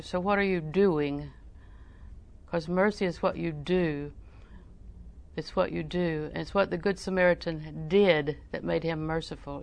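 A woman's voice: on the low side, gravelly. Folksy older woman preaching a sermon. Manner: folksy storytelling, emphatic repetition.

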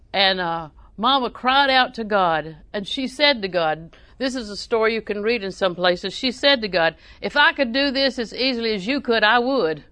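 A woman's voice: medium pitch, a bit bright, clear, resonant tone, no room sound. A woman preaching a sermon, reading scripture aloud and telling folksy family stories.

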